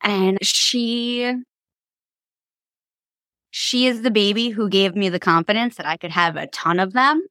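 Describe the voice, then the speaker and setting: A woman's voice: medium pitch, a little slow, long pauses, sharp tone, no room sound. A woman in her thirties from Long Island, New York, a podcast guest telling her family story in a candid, chatty way and laughing easily. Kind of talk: casual storytelling.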